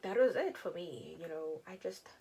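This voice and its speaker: A woman's voice: on the low side, normal speed, husky, low-quality recording. Chatty young woman telling a story. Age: young adult. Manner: chatty, animated, acts out quoted people. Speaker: beauty vlogger. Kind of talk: casual storytelling while doing makeup.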